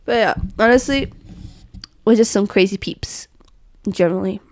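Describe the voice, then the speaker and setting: A woman's voice: mid-range voice, moderate pace, no room sound. A young woman rambling in a casual rant from her bedroom, scattered and self-mocking, laughing and sighing between thoughts. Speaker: vlogger.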